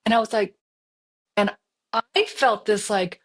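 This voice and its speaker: A woman in her fifties telling a story as a podcast co-host in casual chat, animated and acting out her own inner voice. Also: mid-range voice, a little slow. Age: 50s.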